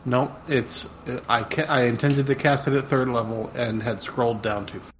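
A man's voice: mid-range voice, steady tone, slight background noise, rough recording. A man playing a tabletop game, correcting himself as he talks. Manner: halting, self-correcting. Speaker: player. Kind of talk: casual tabletop game play.

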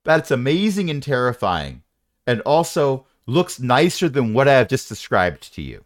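A man's voice: mid-range voice, big pitch swings, moderate pace, dry recording, clean studio sound. A man narrating a tabletop game as game master, with playful, rambling descriptions and asides.

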